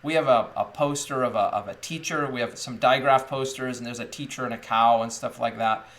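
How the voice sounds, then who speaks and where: A man's voice: mid-range voice, steady tone, brisk, fairly bright tone. A man in his thirties, an English teacher talking casually about classroom methods, rambling and joking, with many fillers and restarts. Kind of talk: casual teaching talk to camera.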